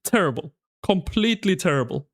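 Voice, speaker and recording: A man streaming live, chatting with his viewers in an excitable, slangy, ranting way. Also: high-pitched, brisk. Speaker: game streamer. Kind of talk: casual live-stream commentary.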